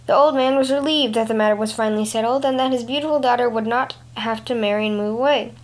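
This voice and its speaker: A woman narrates a folk tale for her storytelling podcast in a measured, expressive reading. Her voice sits a little high.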